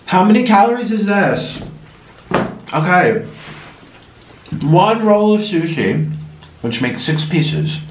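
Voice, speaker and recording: A man's voice: high-pitched, slow pace, pauses often, a little hiss or hum. A young man chatting animatedly while eating on camera, telling stories between bites. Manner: chatty, animated storytelling with food in mouth. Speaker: mukbang vlogger. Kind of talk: casual chat while eating. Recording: echoey room, mic somewhat far.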